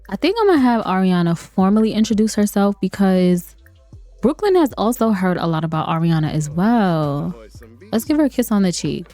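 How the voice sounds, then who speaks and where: A woman's voice: mid-range voice, sing-song, moderate pace, warm tone, no echo, soft background music. A woman giving playful, chatty commentary over a life-sim game, laughing often. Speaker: let's play host. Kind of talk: gameplay commentary.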